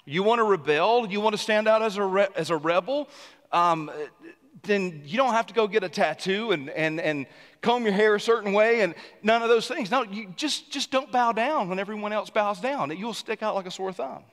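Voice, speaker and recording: Pastor, man, preaching with animated loud bursts; slightly high voice, long church reverb. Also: moderate pace. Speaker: senior pastor. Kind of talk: sermon. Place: church sanctuary.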